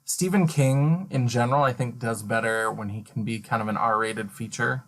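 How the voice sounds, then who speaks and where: A podcast host in relaxed conversation, talking at a middle pitch. The delivery is measured and thoughtful, weighing each point before moving on. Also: low-quality recording. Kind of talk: casual chat.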